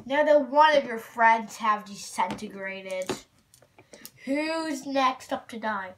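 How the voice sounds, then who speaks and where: A woman voicing a furious, hulking rage monster who rules hell and shouts slow, menacing commands. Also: a little high, lively intonation. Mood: booming, threatening. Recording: noisy home recording.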